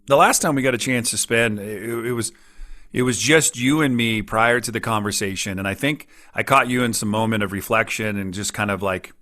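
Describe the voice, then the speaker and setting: A man hosting an interview, asking questions in a relaxed, appreciative way. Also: fairly low pitch, fairly quick. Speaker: interview host. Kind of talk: conversational interview.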